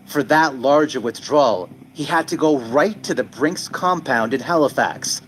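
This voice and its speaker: A man narrates a documentary in a measured, dramatic read. His voice sits at an ordinary middle pitch. A faint hiss runs in the background. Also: low-quality recording. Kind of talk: scripted narration.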